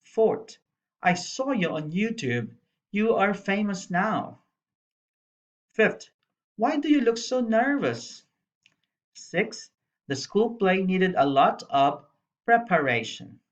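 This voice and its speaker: Female primary teacher, unhurried and patient, recorded lesson narration with a slightly muffled sound. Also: on the low side, sing-song. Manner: slow, spells letters out, explains patiently. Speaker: primary school English teacher. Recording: dull lo-fi voice-over.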